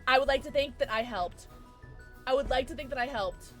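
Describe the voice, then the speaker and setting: A young woman streaming a video game, excitable, swearing and joking about her own play. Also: sits high, fairly quick, faint music behind. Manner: excitable, swears a lot, self-deprecating. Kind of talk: live gameplay commentary.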